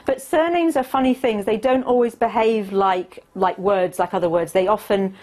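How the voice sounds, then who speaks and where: A woman explaining word pronunciation as an expert guest, speaking from a remote studio in a measured, explanatory way. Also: mid-range voice, darkish tone.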